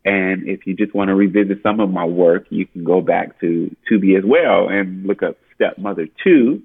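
A man, an actor, chatting casually as a guest in an interview, playful and quick to laugh. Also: low voice, gravelly, slightly rough, phone-quality sound. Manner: laughs often, lively and playful.

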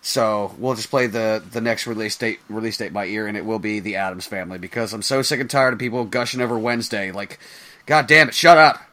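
A man hosting a casual movie-review podcast who gets excitable and swears freely. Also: fairly low pitch, quick pace, few pauses. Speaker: podcast host.

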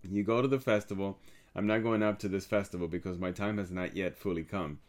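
A calm, solemn teacher speaks in an earnest, measured way, as a man reads his words aloud. The voice sits fairly low and never hurries. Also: close to an everyday voice.

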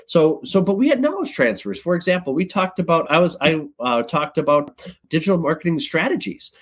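A man with a slightly husky voice pitched a little above the usual, talking as a podcast guest. He tells stories casually and with energy, his pitch leaping upward whenever he gets excited. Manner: lively, jumps up in pitch when excited. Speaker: guest, sales director.

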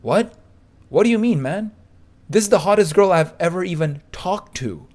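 A man's voice: a little high, animated, moderate pace, vocal fry, a little mellow, pitched above the performer's own voice. A man doing a whiny, timid young guy. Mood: incredulous.

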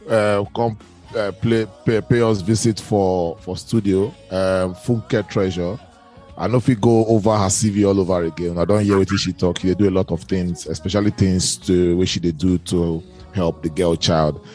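A man's voice: fairly low pitch, moderate pace, darkish tone, soft background music. A man with a Nigerian Pidgin accent hosting a radio interview, introducing his guest and putting questions to her. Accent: Nigerian Pidgin English. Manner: introduces the guest and asks questions, with frequent brief affirmations. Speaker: radio host.

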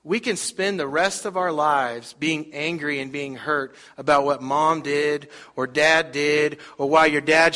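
A man's voice: fairly high pitch, little pitch movement, normal speed, sharp tone. A middle-aged man preaching a sermon, telling a story conversationally and putting rhetorical questions to the congregation. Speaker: pastor.

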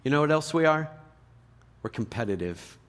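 Animated joking middle-aged male pastor. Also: fairly high pitch, normal speed. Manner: animated, joking, shifts between loud and hushed. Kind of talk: sermon. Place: church hall with a live audience.

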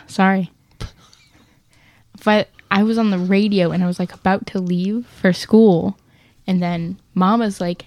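A woman co-hosting a podcast in casual chat, a lively storyteller who laughs often and acts out the people she quotes. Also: mid-range voice, a little slow, pauses often, dry recording. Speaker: podcast co-host.

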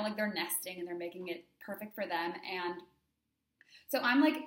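Bubbly woman podcast host, echoey room. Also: medium pitch. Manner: bubbly, gushing, lots of "like" fillers. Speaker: podcast host, business coach. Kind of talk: casual solo podcast chat.

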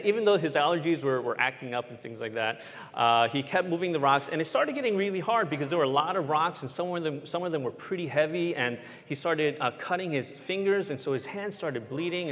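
A man tells a story as a children's sermon. His voice sits a little high, and he keeps checking in with his young listeners. It echoes with a long church-hall reverb. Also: a bit bright. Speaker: pastor.

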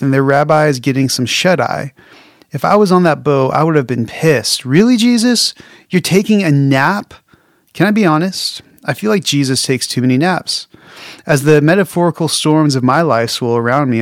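Guy preaching a sermon, honest and chatty, mid pitch, dry sound. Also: no echo. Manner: candid, reflective and conversational. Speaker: pastor.

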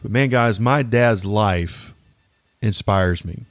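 A man in his thirties with a low-pitched voice hosts a faith-based podcast. He speaks earnestly and haltingly, with frequent fillers and restarts. The recording is close and dry, with no room echo. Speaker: podcast host. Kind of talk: faith-based personal reflection.

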